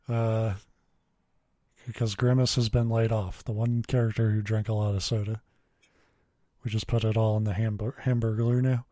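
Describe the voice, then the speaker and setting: A man's voice: medium pitch, warm tone, no room sound. Casual male podcast host, dry close mic. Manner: swears freely, laughs often, reads quoted dialogue plainly. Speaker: podcast co-host reading a horror story. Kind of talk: casual chat and story reading.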